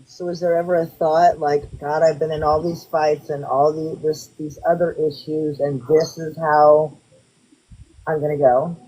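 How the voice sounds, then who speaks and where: Soft-spoken interviewer with a husky, breathy tone. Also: medium pitch, flat delivery, a little slow, dull audio. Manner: soft-spoken, brief responses. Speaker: podcast host.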